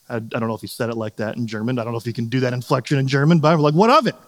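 A man's voice: mid-range voice, fairly even intonation, racing, big-room sound. A middle-aged man preaching a sermon in a casual, conversational way, often checking in with "right?" and acting out little scenes. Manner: conversational, asks "right?" often, acts out quotes. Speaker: pastor.

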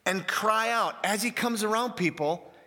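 An animated male pastor preaches in a high voice, leaning on emphatic repetition of his key phrases. His tone is bright and forceful, and the sermon rings out in a large, reverberant hall. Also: measured pace.

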